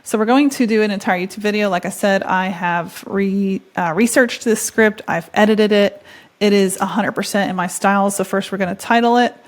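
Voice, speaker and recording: A woman's voice: medium pitch, moderate pace. A woman in her thirties hosting a casual screen-share tutorial, chatty and upbeat, thinking aloud as she clicks through steps. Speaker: tutorial host.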